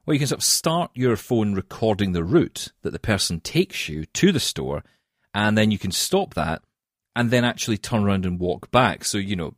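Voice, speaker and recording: A man with a Scottish accent, chatting on a podcast in a self-mocking, animated way. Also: lowish voice, moderate pace, no echo, clean studio sound. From Scotland. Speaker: podcast co-host. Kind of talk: casual chat.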